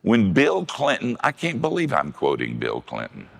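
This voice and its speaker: An older man preaching a sermon, telling folksy stories and jumping his voice up high when he quotes the women in them. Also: huge pitch swings, normal speed, gravelly, slightly rough, long reverb tail.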